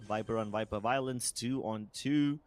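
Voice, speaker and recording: A young man calling a live esports match, measured play-by-play with playful asides. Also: on the low side, slight background noise. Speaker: esports caster.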